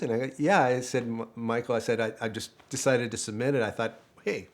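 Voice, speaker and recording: An older man who once managed a dealership tells a casual anecdote in a chatty way, laughing often and acting out other people's lines in lively voices. His voice is medium-pitched and fairly quick.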